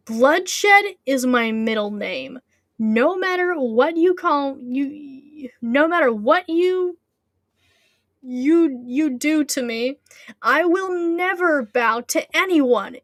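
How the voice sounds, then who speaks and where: Defiant male storybook villain, read by a woman in her own high voice; stumbling, no real character voice. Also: expressive, slow, no room sound, studio quality, exaggerated voice. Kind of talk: reading dialogue aloud.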